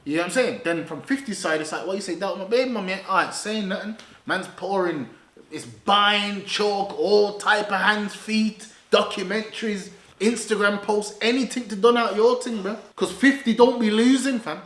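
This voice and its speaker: A young man giving casual, slang-heavy commentary, animated and laughing, with loud bursts and low asides. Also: normal speed. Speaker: online commentator. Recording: roomy echo.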